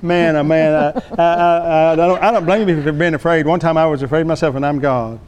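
A man's voice: on the high side, fairly even intonation, fairly quick, darkish tone, a little hiss or hum, natural voice. A man voicing a mock-sympathetic Jesus who coddles a frightened disciple, in a syrupy, overly soothing way.

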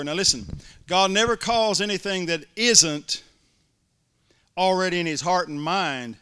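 A man's voice: high-pitched, measured pace, long pauses, pushed and bright, clean tone. A male preacher, delivering an emphatic sermon to a congregation and mimicking complainers in little voices. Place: church before a congregation.

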